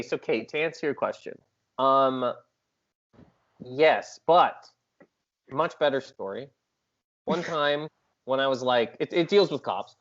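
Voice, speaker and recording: A man guest on a podcast, telling stories in a casual chat, animated and self-mocking. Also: on the high side, dull audio.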